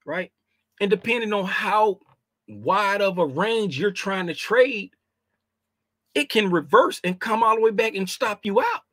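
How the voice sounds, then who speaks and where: A man's voice: high voice, expressive, a little slow, fairly bright tone, no echo, clean studio sound. A man casually teaching a trading lesson, emphatic and repetitive, using slang and often asking "right?". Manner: informal slangy speech. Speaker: trading educator.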